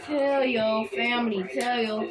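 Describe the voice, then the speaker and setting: A woman's voice: on the high side, fairly even intonation, unhurried. A young woman chatting casually and frankly, giving advice with some swearing. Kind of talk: casual chat. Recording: crowd noise behind.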